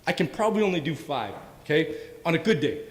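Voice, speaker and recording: A man serving as a police officer speaks on a panel, earnest and anecdotal, often checking in with "right?". His voice sits a bit high. Long reverb from a large event hall trails each phrase. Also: very animated, fast. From Windsor, Canada. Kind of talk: storytelling on a community panel.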